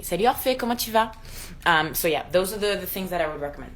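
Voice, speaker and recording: Young woman, casual live-stream chat, lowish pitch, bright tone, answers viewer comments. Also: animated, fast, slight background noise. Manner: chatty, reads and answers viewer comments, laughs often.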